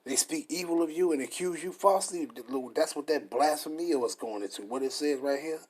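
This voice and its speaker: Husky-voiced emphatic male preacher. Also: fairly high pitch, a little fast, darkish tone. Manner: emphatic, repetitive, reads definitions aloud. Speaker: street preacher. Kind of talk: scripture study sermon.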